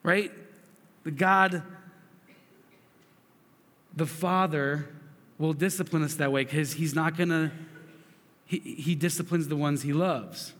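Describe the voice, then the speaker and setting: A man in his thirties preaches with an earnest, storytelling manner, often restarting his sentences mid-thought. His voice sits a little high for a man. A long reverb trails behind him, as in a church hall. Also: steady tone, slow, long pauses, a bit bright. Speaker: pastor. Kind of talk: sermon.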